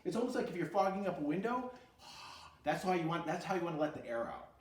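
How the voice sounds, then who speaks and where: High, bouncy guy teaching kids feelings, asks and answers himself, roomy echo, sounds a bit far off. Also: quick pace. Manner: animated, asks questions and answers them himself, breaks into short sung lines. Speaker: music therapy teacher. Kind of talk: recorded e-learning lesson for children.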